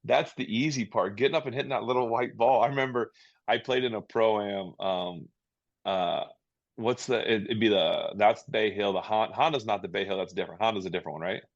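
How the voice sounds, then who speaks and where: A man's voice: lowish voice, brisk, muffled recording. A man who is a guest on a podcast, chatting casually and rambling with many restarts. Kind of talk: casual interview chat.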